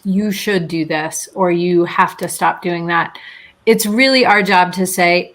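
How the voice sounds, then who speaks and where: A woman therapist and author, a guest in an interview, telling her story with lively acted-out quotes and frequent laughter. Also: measured pace. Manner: lively storyteller, acts out quotes with big pitch jumps. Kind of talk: animated interview conversation.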